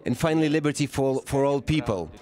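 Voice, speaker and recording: A man giving a live interpretation of a formal speech, halting and often pausing to correct himself. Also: medium pitch, a little mellow. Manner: halting, with frequent pauses and self-corrections. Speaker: simultaneous interpreter.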